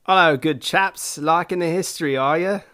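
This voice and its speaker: A cheery, over-the-top mock-British gentleman, as a man puts him on with a deliberately poor British accent. The voice sits a little higher than usual and bounces along as a joke. It is plain talk, not a polished impression. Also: dry recording, studio quality. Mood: jokey. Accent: put-on British accent.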